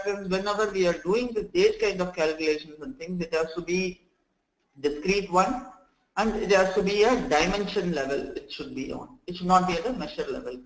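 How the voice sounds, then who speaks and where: A man running a live software training session, explaining step by step, often saying "okay" and "friends" and restarting sentences. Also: high-pitched, reverberant, poor audio.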